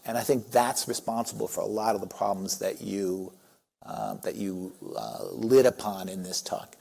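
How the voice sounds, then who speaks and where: A man moderating a conference panel, giving reflective, measured closing remarks. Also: lowish voice, steady tone, gravelly, darkish tone, breathy edge. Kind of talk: panel discussion.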